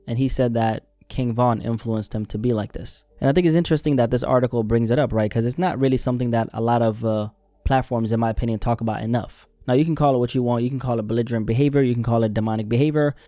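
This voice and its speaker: A man hosting an online news commentary, talking earnestly and slowing down to stress his key points. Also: mid-range voice, dark tone, dry recording, studio quality. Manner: earnest, emphatic, slows down to stress key words. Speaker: commentary channel host.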